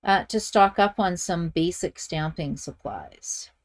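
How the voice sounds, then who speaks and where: A woman's voice: fairly low pitch, very animated, slow. A middle-aged woman from Canada hosting a live card-making tutorial, chatting and thinking aloud as she works and reads viewer comments. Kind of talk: live-streamed stamping tutorial.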